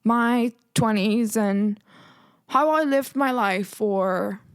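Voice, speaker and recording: Slow-talking teary woman podcaster. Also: on the high side, clean tone, dry recording, studio quality. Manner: rambling, emotional, swears, many fillers. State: teary, close to crying. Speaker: podcast host. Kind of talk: casual solo podcast chat.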